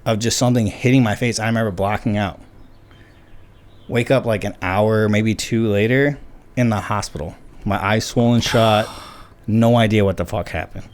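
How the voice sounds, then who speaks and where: A man's voice: fairly low pitch, normal speed, a little hiss or hum. A man co-hosting a casual podcast, telling stories with lots of swearing and acting out what people said. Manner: swearing, animated storyteller acting out quotes. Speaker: podcast co-host. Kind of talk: casual storytelling chat.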